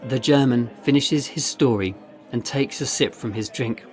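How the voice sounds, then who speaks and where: A man narrating a story in a steady, measured reading voice. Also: medium pitch. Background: faint guitar music.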